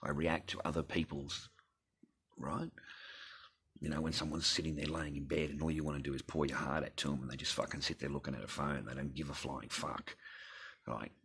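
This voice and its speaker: A man's voice: a bass voice, level tone, a little fast, fairly bright tone, breathy edge. An Australian man telling a personal story in a blunt, rambling rant full of swearing. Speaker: vlogger.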